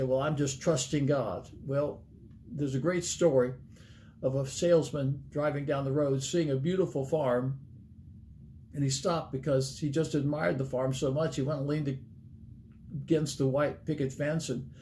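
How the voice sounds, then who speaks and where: A man's voice: a little high, warm tone, slight background noise. A middle-aged man preaching a sermon as a pastor, earnest and plain-spoken, laying out numbered points and folksy stories.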